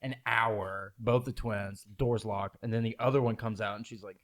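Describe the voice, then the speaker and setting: A man's voice: lowish voice, steady tone, normal speed. Laughing young man telling stories. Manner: laughs through stories, acts out quoted voices. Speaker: podcast host. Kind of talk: casual storytelling chat.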